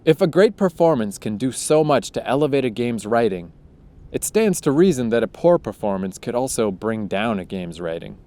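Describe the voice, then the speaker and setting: A man reads his own book aloud, then breaks off into loose, profane rants full of strong opinions. His voice sits in an ordinary middle pitch. He is recording outdoors. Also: big pitch swings, normal speed, mellow. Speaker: audiobook author and podcaster.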